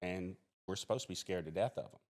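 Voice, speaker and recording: A man's voice: low-pitched, fast talker, a little mellow. A man in his forties from Mississippi, a podcast guest who speaks earnestly and plainly, often restarting his sentences. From Mississippi, USA. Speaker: podcast guest, criminology professor and police officer. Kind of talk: interview storytelling.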